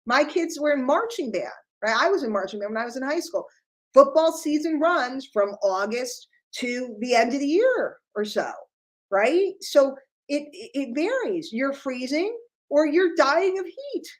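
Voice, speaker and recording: A middle-aged woman from New York City giving an animated business talk to her sales group, full of rhetorical questions. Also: sits high, measured pace.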